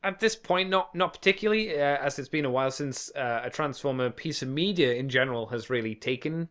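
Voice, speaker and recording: A man's voice: mid-range voice, brisk, fairly bright tone. A man co-hosting a podcast in casual chat, laid-back and wry, laughing often. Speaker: podcast co-host.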